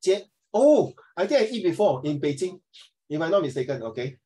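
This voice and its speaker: A man leading a classroom discussion, playful and lively, mixing English with Mandarin. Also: a little high, brisk, poor audio. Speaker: teacher.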